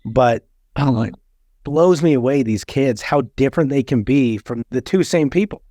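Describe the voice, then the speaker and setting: A man's voice: medium pitch, moderate pace, mellow, dry recording, clean studio sound. A man in his thirties hosting a podcast, chatting casually and bluntly, swearing freely as he tells stories. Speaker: podcast host. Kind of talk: casual chat.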